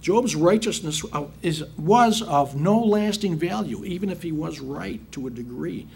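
Addressing the congregation as brethren, a preacher reads scripture and then paraphrases it in ordinary language. He speaks at a measured pace in a fairly high, expressive voice with a darkish tone and vocal fry, and there is a bit of hiss or hum.

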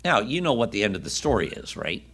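Male preacher, bright forceful tone, reads scripture then chats with the congregation. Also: fairly low pitch, sing-song, fast, breathy edge. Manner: conversational asides to listeners. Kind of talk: sermon with Bible reading.

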